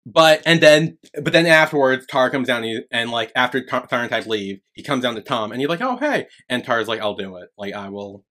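A man talks through a casual podcast over a remote call, his voice bright and a little sharp. He rambles as he builds a story, leaning hard on filler words and dropping swears without a second thought. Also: medium pitch, expressive, a little fast, hardly any pauses. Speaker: podcast co-host. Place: remote call from separate homes.

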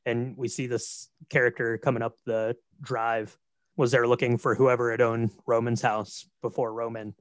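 A man co-hosting a casual film podcast, retelling the plot in a relaxed way with fillers. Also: mid-range voice, normal speed, no room sound, clean studio sound. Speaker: podcast co-host. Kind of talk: casual film recap chat.

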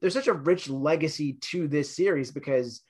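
A man's voice: fairly high pitch, normal speed, a little mellow, husky. A man interviewing a guest, talking up a subject with enthusiasm. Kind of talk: interview talk.

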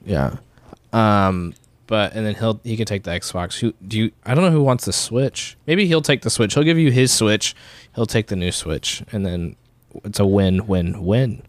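Podcast co-host, young man, low pitch, rambling casual delivery. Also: moderate pace, dry recording. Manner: rambling, filler-heavy, acts out quotes.

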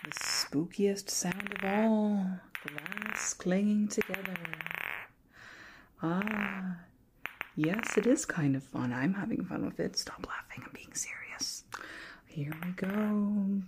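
A woman voicing a shy, playful young female ghost in a soft, teasing, half-whispered manner, as a whispered role-play. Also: medium pitch, lively intonation, slow pace, pauses often, background noise. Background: glass clinking effects.

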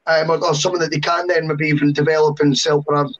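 A man on a football podcast, giving long, animated opinions with self-mocking asides. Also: on the high side, quick pace. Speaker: podcast panelist. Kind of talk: casual football podcast chat. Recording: dull lo-fi sound.

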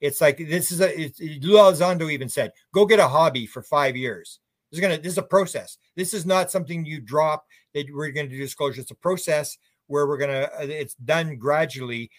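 A man's voice: fairly high pitch, a little fast, few pauses, dry recording. An older man as an author guest on a radio show, answering in a rambling and bluntly opinionated way with many restarts.

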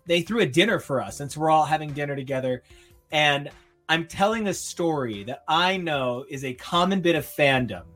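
A man's voice: on the high side, fairly bright tone. A young man in casual chat on a podcast, rambling through a story and acting out the voices of the people in it. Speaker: podcast co-host.

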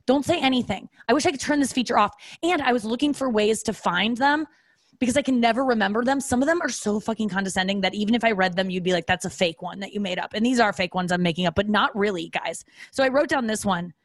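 A woman's voice: mid-range voice, no room sound. Candid, profane woman podcast host. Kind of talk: casual podcast monologue.

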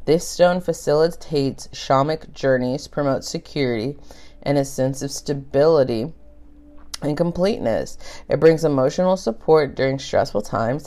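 A woman's voice: extremely low pitch, warm tone. A woman hosting a tarot podcast alone, chatty and rambling, full of fillers. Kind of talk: casual solo podcast reading.

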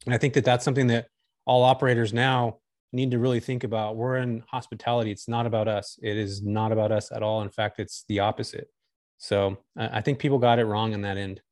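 A man's voice: medium pitch, steady tone, fairly quick, darkish tone, dry recording, clean studio sound. A man talking candidly and enthusiastically as a guest on a casual podcast chat. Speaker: guest, short-term rental host.

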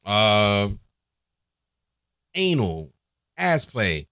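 Crude, rambling man with lively pitch. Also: extremely slow, smooth, no echo, studio quality. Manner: crude, joking, rambling with many fillers. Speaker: podcast host. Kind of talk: casual solo podcast monologue.

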